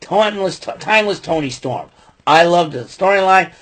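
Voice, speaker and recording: A man's voice: high voice, animated, normal speed, a bit bright. A man hosting his own podcast, recapping a wrestling show in a rambling, opinionated way with many fillers. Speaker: podcast host.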